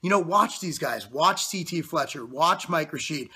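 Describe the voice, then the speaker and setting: Speaking to camera, a fitness vlogger and bodybuilder in his thirties delivers a blunt, cussing pep talk with real intensity. His fairly high voice is pushed, bright, and slightly rough, with lively intonation at normal speed.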